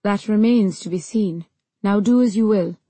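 A woman voicing a cold, mocking male ruler and mentor in an audiobook, speaking in a measured, condescending way. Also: medium pitch, dark tone, slightly rough, no echo, lightly acted. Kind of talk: audiobook character reading.

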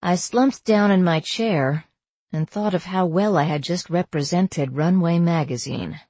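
A woman narrating a first-person novel as an audiobook, in a measured, wry storytelling manner. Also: on the low side, warm tone, no room sound.

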